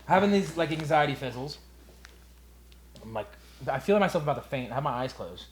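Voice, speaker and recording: A young man co-hosting a podcast, telling a story in a casual, comedic way. He talks with animated delivery, lots of swearing and laughter. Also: on the high side, a little fast. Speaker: podcast co-host. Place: quiet room.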